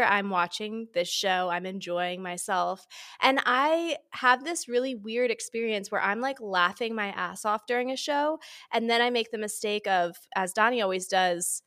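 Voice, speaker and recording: Woman guest, sarcastic and self-deprecating, bright tone, dry close mic. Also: mid-range voice, dry recording. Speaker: podcast guest and recapper. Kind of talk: casual chat.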